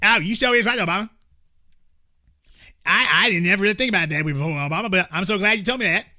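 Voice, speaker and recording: A man doing an impression of a flattered male celebrity comedian who stammers and eagerly agrees. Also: high-pitched, quick pace. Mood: eager agreement.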